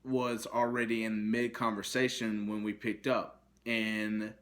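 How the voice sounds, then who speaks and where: A man's voice: on the low side, level tone, a little slow, a bit bright. A man vlogging from his kitchen, telling a frustrated story full of fillers and restarts. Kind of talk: ranting to camera. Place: kitchen at home, indoors.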